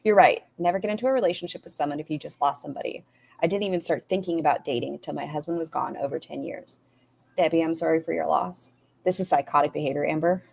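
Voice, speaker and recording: A middle-aged woman reacting to clips on a stream, sarcastic and full of animated asides. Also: deep voice, fast talker, vocal fry, husky. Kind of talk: casual commentary on clips.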